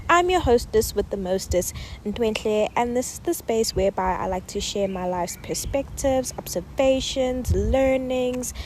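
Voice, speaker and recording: A woman's voice: a little high, expressive, unhurried, slight background noise. A South African woman in her twenties hosting her podcast in a bubbly, chatty way, out of breath while lying on a yoga mat outdoors. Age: 20s. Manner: bubbly, affectionate, chatty with many fillers. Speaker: podcast host. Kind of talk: casual reflective chat.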